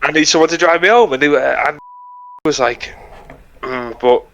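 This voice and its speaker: A man's voice: on the high side, moderate pace, gravelly, a bit bright, lo-fi sound. A young British man co-hosting a podcast, telling army stories in a casual, laughing, swearing way. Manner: laughing, swearing, acts out quoted lines. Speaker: podcast co-host. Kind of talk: casual storytelling chat.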